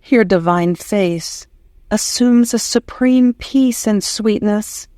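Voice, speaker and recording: A woman reading a devotional text aloud in a prayerful, unhurried way. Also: medium pitch, mellow, dry recording, studio quality. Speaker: audiobook reader.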